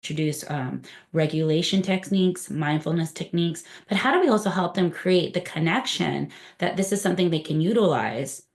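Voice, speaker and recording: A woman's voice: fairly low pitch, brisk. A woman trainer giving a conversational presentation to a room, often asking the group questions.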